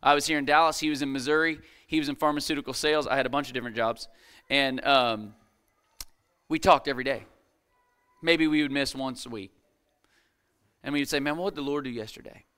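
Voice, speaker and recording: A man's voice: mid-range voice, steady tone, fairly quick, long pauses, pushed and bright, smooth. A man preaching a sermon as a guest speaker, emphatic, repeating key phrases and calling out to the congregation, reading scripture aloud with rising intensity. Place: church service.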